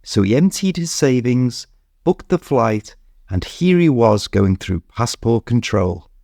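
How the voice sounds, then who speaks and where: A man with a British accent reading a story clearly and steadily for English learners. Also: mid-range voice, sing-song, unhurried, darkish tone, no room sound, studio quality. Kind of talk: scripted narration.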